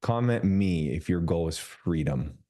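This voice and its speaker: A male business coach teaching over a video call, his voice low-set and mellow. He talks emphatically, drawing out key phrases to drive them home. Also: animated. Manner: emphatic, slows down to stress points.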